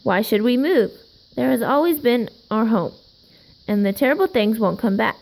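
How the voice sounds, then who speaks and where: A stubborn, worried grown-up rabbit from a picture book, voiced by a woman reading aloud. He sounds shaky and insistent, with a gravelly edge. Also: a little high, lively intonation, moderate pace, darkish tone, low-quality recording. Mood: fretful.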